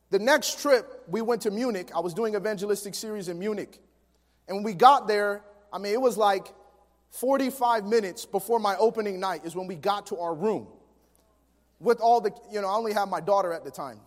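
A man with a high voice delivers a sermon, swinging between quiet storytelling and emphatic preaching. His voice carries a long reverb from a large hall. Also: moderate pace. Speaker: pastor.

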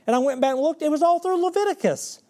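A middle-aged man preaching a sermon, telling stories with big swings in pitch and loudness and slowing down to intone scripture.

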